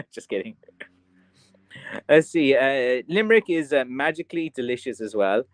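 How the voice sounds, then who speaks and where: Expressive and unhurried, this Irish man has a mid-range voice, pauses often, and is recorded with no room sound. Hosting a craft-selling livestream, he reads viewer comments and rambles casually, often restarting and using fillers.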